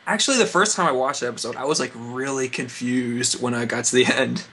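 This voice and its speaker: A man's voice: medium pitch, brisk, sharp tone, a little hiss or hum. A man chatting casually on a podcast, jokey and rambling. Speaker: podcast guest. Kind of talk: casual chat.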